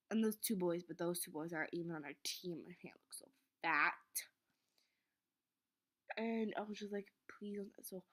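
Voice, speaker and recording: A teenage girl telling an embarrassing story in a rambling, flustered way, often dropping to a whisper. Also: fairly low pitch. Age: teens. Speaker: vlogger. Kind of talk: casual storytelling vlog.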